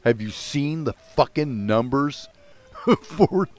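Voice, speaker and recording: An older man hosting a loose podcast conversation. He rants with plenty of swearing and mocks himself. His pitch swings widely, in a lively way. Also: slow pace, faint music behind. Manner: profane, ranting, self-mocking. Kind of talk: casual podcast chat.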